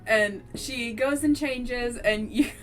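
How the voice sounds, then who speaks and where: A woman's voice: fairly high pitch, slow pace, faint music behind. A woman narrating a tabletop game as game master, often laughing as she talks. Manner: giggly, bursts of laughter.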